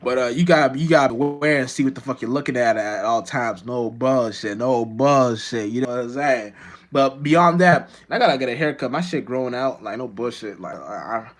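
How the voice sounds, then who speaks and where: A man's voice: mid-range voice, brisk. A man musician talking to viewers on a live stream in a rambling, profane and restless way, full of restarts. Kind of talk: casual live-stream monologue.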